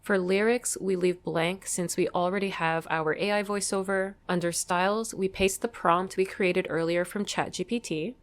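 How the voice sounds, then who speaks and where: Tutorial host: woman, lowish voice, calm step-by-step explainer. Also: normal speed, few pauses. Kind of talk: screen-recorded software tutorial.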